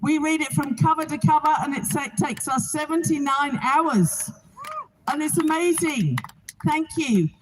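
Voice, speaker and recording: A woman's voice: sits high, moderate pace, background noise. A woman from England, giving an earnest, heartfelt spoken testimony outdoors to a gathering. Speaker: Bible reading organizer.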